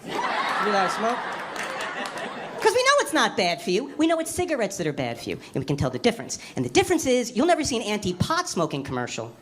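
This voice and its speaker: A woman doing a stand-up comedy set on a club stage, wry and animated, jumping into squealy voices for the people she quotes. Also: medium pitch, quick pace. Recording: live club recording with crowd laughter. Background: audience laughing.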